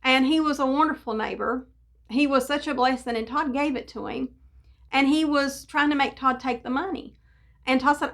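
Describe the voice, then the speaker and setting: A woman's voice: sits high, normal speed, a bit bright. A middle-aged woman giving a personal devotional testimony, telling her story earnestly with fillers and restarts. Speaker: devotional speaker.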